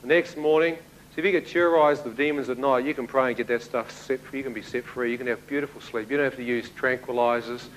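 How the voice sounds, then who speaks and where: A man giving a spoken testimony to an audience, telling his story in an animated way and acting out the dialogue. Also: medium pitch, fast talker, slight background noise, poor audio. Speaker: speaker giving a personal testimony.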